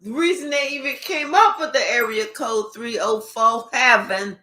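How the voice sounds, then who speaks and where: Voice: mid-range voice, moderate pace, bright, forceful tone. A spiritual reader giving a casual reading in a blunt, profane, repetitive way. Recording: echoey room.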